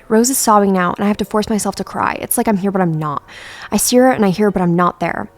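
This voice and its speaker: A woman's voice: mid-range voice, quick pace. A young woman YouTuber reading passages from a memoir aloud and commenting candidly between them. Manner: candid, swears casually.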